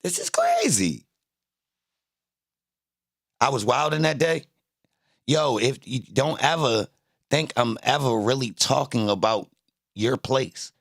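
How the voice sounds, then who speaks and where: A man rants in emphatic, profane street-style commentary. His voice has a gravelly fry. The sound is dry and close, with no room echo. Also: mid-range voice, a little slow, a bit bright. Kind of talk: casual streamed commentary.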